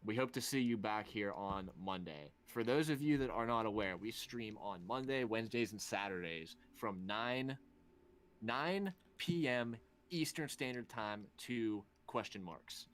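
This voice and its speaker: A man's voice: lowish voice, lively intonation, unhurried, a bit bright. A young man co-hosting a live stream, wrapping it up with sarcastic, laid-back banter. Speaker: stream co-host. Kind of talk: casual stream chat.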